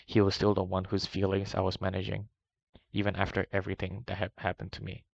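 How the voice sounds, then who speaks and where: Deep gravelly man reading flatly. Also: quick pace, dry recording. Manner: steady, even first-person reading. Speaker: reader. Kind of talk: reading a long document aloud. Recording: dry, muffled lo-fi voice recording.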